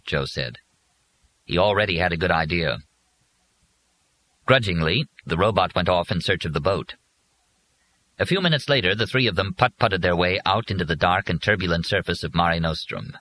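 A man narrating an audiobook with an expressive reading. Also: low voice, normal speed, slight background noise, low-quality recording.

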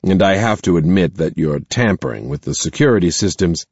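A man voicing a stern middle-aged female school principal in an audiobook, formal and slow. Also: sits low, lively intonation, darkish tone, slightly rough, no room sound, dull audio, heavily acted. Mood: grudging. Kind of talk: audiobook character voice.

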